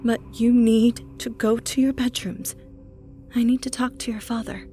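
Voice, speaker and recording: A man voicing a frightened wife and mother who pleads in a strained falsetto. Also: flat delivery, normal speed, warm tone, faint music behind.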